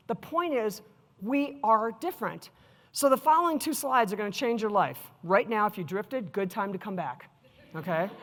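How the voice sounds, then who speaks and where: Middle-aged woman keynote speaker, chatty and lively, higher voice, reverberant hall. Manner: lively, chatty storytelling, engaging the audience. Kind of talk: live keynote talk. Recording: echoey hall.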